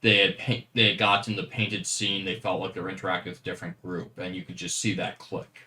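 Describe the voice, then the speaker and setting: A man with a low voice chatting casually about running tabletop games. He speaks in a relaxed, self-deprecating way. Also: quick pace. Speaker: guest game master. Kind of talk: casual chat.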